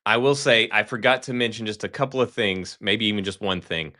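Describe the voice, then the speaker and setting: A man hosting a podcast with a bright, forceful voice. He talks casually in a loose, rambling way. He corrects himself mid-sentence and slips in jokes. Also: on the low side, a little fast. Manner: rambling, self-correcting, joking. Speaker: podcast host. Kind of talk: casual chat.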